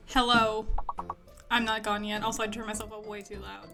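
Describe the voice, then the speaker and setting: A woman's voice: medium pitch, little pitch movement, normal speed, vocal fry, music in the background. A young woman streaming a game, chatting casually and rambling to her viewers while she fiddles with settings. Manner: chatty, self-talking, giggly, rambling to chat. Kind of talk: casual live-stream chat while gaming.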